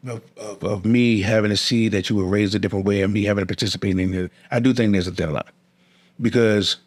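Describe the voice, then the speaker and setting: A man's voice: on the low side, fairly even intonation, fast. A man hosting a podcast interview in a casual way, agreeing often and speaking with loose slang. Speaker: podcast host.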